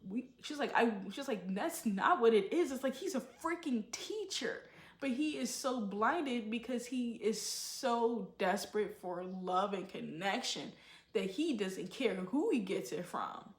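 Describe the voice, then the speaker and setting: A woman giving opinionated casual commentary and acting out quotes with animated emphasis. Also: a little high, unhurried, reverberant. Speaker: show commentator.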